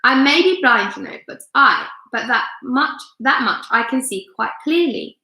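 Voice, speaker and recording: A woman's voice: on the high side, animated, a little slow, gravelly, bright, forceful tone, roomy sound, heavily acted, poor audio. A woman reading aloud, voicing a gloomy, complaining blind male earthworm. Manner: gloomy, dramatic.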